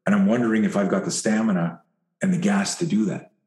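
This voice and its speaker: A man's voice: lowish voice, steady tone, a little mellow, roomy sound, lightly acted. A man quoting a nervous young fighter. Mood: anxious. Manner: anxious, rushed confession. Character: nervous young male boxer before a fight.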